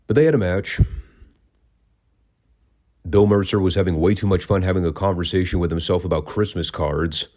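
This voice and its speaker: Deep mellow guy recapping old wrestling, dry sarcastic asides. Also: moderate pace, long pauses. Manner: wry, sarcastic, conversational. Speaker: wrestling podcast host. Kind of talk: casual review commentary.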